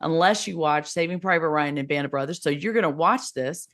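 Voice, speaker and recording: A woman's voice: low voice, a little fast, fairly bright tone. A woman interviewing an actor, chatting casually and asking short, curious questions. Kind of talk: conversational interview.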